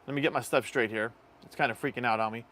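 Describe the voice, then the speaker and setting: Talking quickly in a mid-range voice, a man runs a casual livestream. He chats with ease, reads comments from viewers, and keeps things relaxed, referring to them as "y'all."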